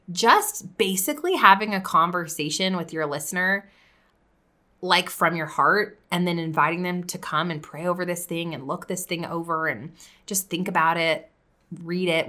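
Bright, chatty woman podcast coach. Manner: upbeat, chatty, demonstrates pitches by shifting tone. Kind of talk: teaching video with example pitches.

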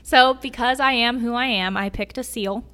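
A woman's voice: on the high side, normal speed, sharp tone, clean tone. A woman guesting on a podcast, telling enthusiastic stories about animals and laughing as she goes. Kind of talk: casual storytelling chat.

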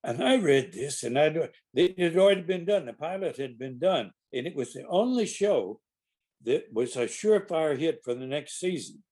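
A man's voice: fairly high pitch, animated, normal speed, a little mellow. An older man, an actor, telling rambling anecdotes in conversation, with many restarts and acted-out quotes. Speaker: actor guest.

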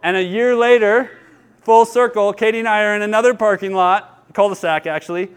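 Thirties male pastor, high voice, earnest and animated in a sermon. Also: fairly quick, clear, resonant tone. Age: 30s. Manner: earnest, storytelling, lively with laughter. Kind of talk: sermon with personal stories.

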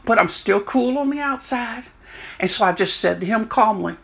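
A woman in her sixties, a prison chaplain, telling stories in an animated way and acting out what people said. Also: fairly high pitch, normal speed, gravelly. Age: 60s. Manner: animated storyteller, acts out quotes. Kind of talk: storytelling talk.

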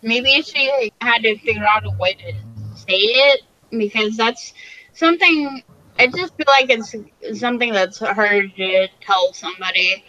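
A woman's voice: fairly high pitch, a little slow, sharp tone, highs cut off. A woman co-hosting a podcast, speaking hesitantly and agreeing often. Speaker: podcast co-host. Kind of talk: casual chat.

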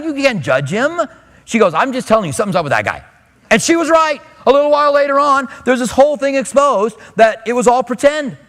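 A man with a high voice preaches casually, slipping into the voices of the people he quotes. The sound carries a long reverb from a large hall. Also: a bit bright. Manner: conversational, acts out quoted voices. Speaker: pastor. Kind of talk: expository sermon.

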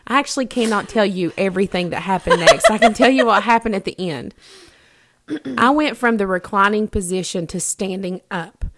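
A woman's voice: medium pitch, moderate pace. Laughing woman telling a farm story. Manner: animated storyteller, laughs often. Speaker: podcast co-host. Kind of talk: casual chat, storytelling. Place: rural home.

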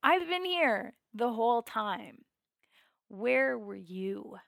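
A woman voicing a divine inner voice that chides her loudly and then drops to a whisper. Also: on the high side, very animated, slow pace, gravelly, dry recording, studio quality, full character voice. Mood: chiding. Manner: chiding, then hushed to a whisper. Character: divine inner voice answering her, calm and close.

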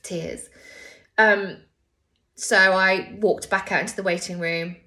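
A woman's voice: medium pitch, fairly even intonation, slow pace, pushed and bright. A woman telling a personal story candidly and with emotion, sometimes swearing.

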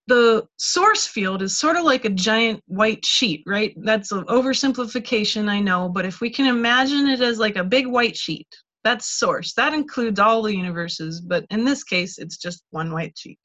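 A woman's voice: on the high side, pushed and bright, dull audio. A woman giving a candid, conversational teaching talk and personal testimony, with casual restarts and frequent "like.". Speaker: speaker teaching healing tools.

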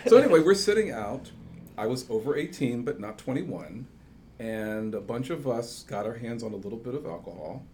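A man's voice: mid-range voice, lively intonation, normal speed, warm tone, a little hiss or hum. A man hosting a casual chat, telling a self-deprecating story of his own. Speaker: host.

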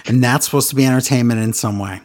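A man's voice: mid-range voice, quick pace, darkish tone. A man co-hosting a wrestling podcast, talking in a sarcastic, ranting way and mimicking the people he describes. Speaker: podcast co-host. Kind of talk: casual podcast chat.

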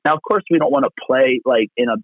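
A man's voice: mid-range voice, fast talker, dry recording. A man from Pennsylvania, a guest evangelist, telling faith stories over the phone in an earnest, rambling way with many restarts. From Pennsylvania, USA. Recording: tinny phone line.

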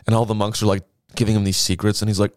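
A man's voice: lowish voice, level tone, very fast, clear, resonant tone, no room sound, clean studio sound. A man co-hosting a podcast with wry, sarcastic casual banter. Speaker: podcast co-host.

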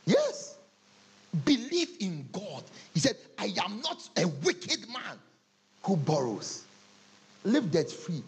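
A man preaching a humorous sermon, telling animated stories and acting out conversations. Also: high voice, slow pace, slightly rough. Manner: animated storytelling, acting out dialogues with laughter.

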